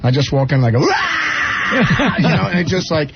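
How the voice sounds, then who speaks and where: A man telling rambling, animated anecdotes as a radio guest, often slipping into quoted voices. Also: a little high, fast talker, shouting. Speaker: guest musician. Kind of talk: casual storytelling on radio. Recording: muffled radio broadcast with faint hiss.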